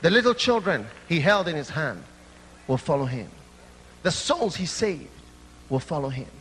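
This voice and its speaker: Impassioned young male preacher, bright voice. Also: a little high, big pitch swings, moderate pace, in a large hall, slight background noise. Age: young adult. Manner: impassioned, rising to shouts. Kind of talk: sermon.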